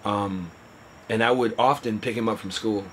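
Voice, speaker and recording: A man earnestly recounting a personal story in a halting way, his voice often trailing off quietly. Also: on the low side, steady tone, a little hiss or hum, poor audio. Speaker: interviewee telling a personal story. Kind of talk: candid personal account.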